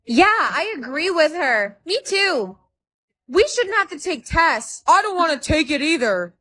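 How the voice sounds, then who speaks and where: This is a text-to-speech woman's voice that reads every side character in a storytime. It sits a little high and keeps a flat, even machine delivery the whole way through. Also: a little slow.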